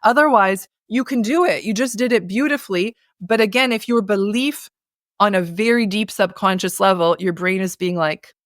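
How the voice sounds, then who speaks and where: Animated woman coaching on voice. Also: medium pitch, moderate pace, no room sound, studio quality. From North America. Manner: animated, demonstrative, explains with sung-out sounds. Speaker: voice and communication consultant. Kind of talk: conversational interview, coaching.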